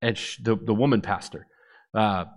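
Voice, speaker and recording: A man in his thirties giving a personal testimony, an animated storyteller who acts out the dialogue. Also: fairly low pitch, normal speed.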